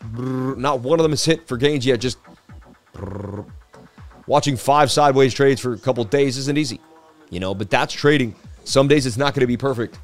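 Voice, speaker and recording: A man's voice: medium pitch, brisk, faint music behind. A middle-aged man hosting a casual crypto live stream, chatty, with a sports-presenter delivery. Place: traveling.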